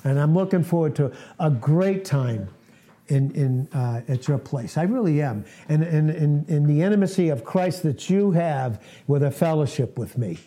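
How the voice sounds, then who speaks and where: An animated older man in his late sixties preaches at normal speed to a small fellowship, his voice a touch high but warm and mellow. He comes across as earnest, folksy and self-deprecating, returning to the same points repeatedly.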